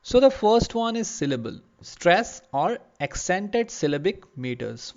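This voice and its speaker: A man giving an online literature lecture, explaining patiently and repeating terms slowly for emphasis. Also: on the high side, lo-fi sound. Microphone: lavalier.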